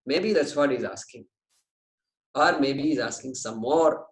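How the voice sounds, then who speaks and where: A man's voice: mid-range voice, unhurried, long pauses. Man teaching scripture in roomy hall. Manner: explanatory, lightly joking, dwells on Sanskrit terms. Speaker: Vedanta teacher. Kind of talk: scripture class lecture.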